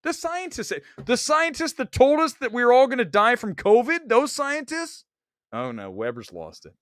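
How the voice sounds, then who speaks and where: A man hosting a movie talk livestream, rambling excitably while he stalls and searches on his computer. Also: a little high, dry recording, studio quality. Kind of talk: casual livestream chat.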